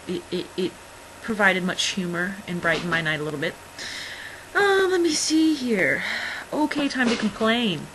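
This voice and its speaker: A woman's voice: mid-range voice, fairly bright tone, a little hiss or hum, rough recording. A young woman vlogging in casual chat, rambling through stories with lots of fillers and wry, exasperated asides. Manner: rambling, filler-heavy storytelling.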